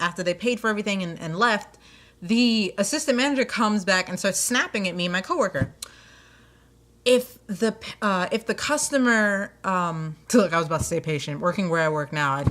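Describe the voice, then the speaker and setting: Bright-voiced chatty young woman. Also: mid-range voice. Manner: chatty, laughs often, many fillers and restarts. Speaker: vlogger. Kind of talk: casual storytelling.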